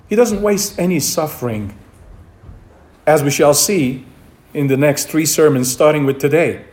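A pastor delivering a sermon to his congregation, measured and deliberate, repeating key words for emphasis. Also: high-pitched, darkish tone.

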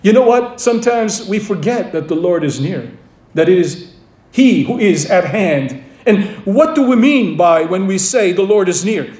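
A man's voice: high voice, animated, measured pace, darkish tone. A man preaching a sermon, emphatic and repeating his key phrases, with a story told along the way. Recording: roomy echo.

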